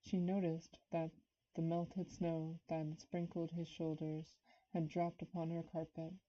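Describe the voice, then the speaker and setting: Reading a classic novel on a live stream, this woman has a deep, warm voice, a flat delivery, and an unhurried pace. She's a little nervous, breaking off at times to comment and greet her chat viewers, all captured in dull lo-fi audio.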